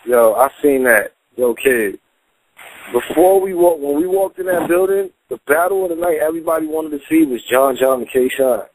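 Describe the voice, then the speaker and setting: A man's voice: fairly high pitch, expressive, moderate pace, a little hiss or hum, rough recording. A man talking animatedly in a casual panel chat, sprinkling in "man" and "yo.". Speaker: battle rap commentator.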